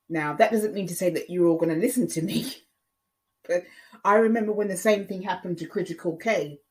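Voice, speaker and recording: A woman's voice: low-pitched, a little mellow. A woman talking casually to her subscribers in a chatty, emphatic, rambling way, full of fillers. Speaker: YouTuber addressing subscribers. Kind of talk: casual vlog monologue.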